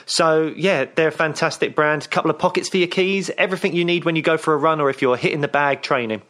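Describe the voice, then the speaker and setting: A man co-hosts a casual podcast. He keeps his voice soft and hushed on purpose. He stays chatty and laughs often. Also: a little high, steady tone, quick pace. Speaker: podcast co-host.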